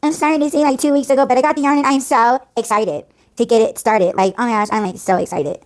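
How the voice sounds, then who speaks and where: A woman putting on a mocking voice of a gushing, giddy young woman crafter with high, breathless squealing. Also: fast talker, darkish tone, lightly acted.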